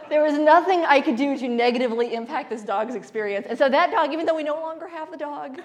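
A woman with a somewhat high voice leads a spiritual talk. She tells stories playfully and laughs often as she speaks. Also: quick pace, few pauses, a faint crowd. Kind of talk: spiritual talk with call-and-response.

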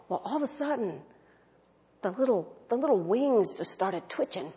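A woman minister preaching a story-filled sermon, her voice a touch high. She swings between loud, lively bursts and near-hushed moments as she draws listeners in. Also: normal speed.

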